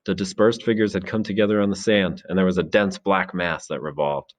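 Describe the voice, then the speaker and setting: Deep male narrator, measured dramatic audiobook read. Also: fairly even intonation. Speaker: teacher reading a novel aloud.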